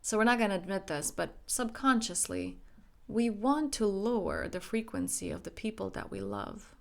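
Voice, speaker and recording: A woman's voice: mid-range voice, big pitch swings, moderate pace, gravelly. A young adult woman, a life coach, giving an emphatic motivational self-help talk, acting out her own inner dialogue.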